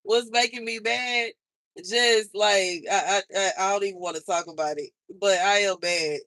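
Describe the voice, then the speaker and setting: A young woman vents to her livestream audience, frustrated and emphatic, and she keeps circling back to the same complaints. Her voice is bright and tense. The sound is dry and close, with no room echo. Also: mid-range voice, fairly even intonation, moderate pace. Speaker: livestream host. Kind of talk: venting on a livestream.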